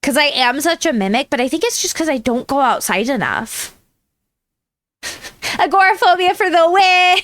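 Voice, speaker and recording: A woman's voice: high voice, animated, measured pace, pauses often, fairly bright tone. An American woman chatting casually on a livestream, rambling and laughing often as she answers chat from home. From United States. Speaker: VTuber streamer.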